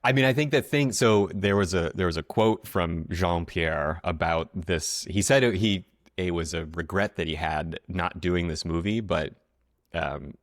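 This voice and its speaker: A man co-hosting a casual film podcast, talking in a halting way with many fillers and restarts. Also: sits low, no room sound, studio quality. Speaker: podcast co-host.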